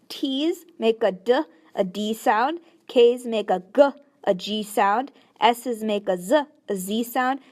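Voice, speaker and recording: Slow, patient woman teaching pronunciation. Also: fairly high pitch, a little mellow. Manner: patient, sounds out syllables one by one. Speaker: language teacher. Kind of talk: slow instructional explanation.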